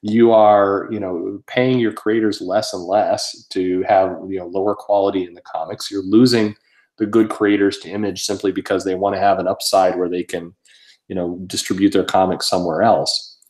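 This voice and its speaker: A man's voice: low-pitched, flat delivery, moderate pace, darkish tone, poor audio. A man hosting a casual podcast chat, ranting in exasperation with many restarts and blunt swearing. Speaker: show host.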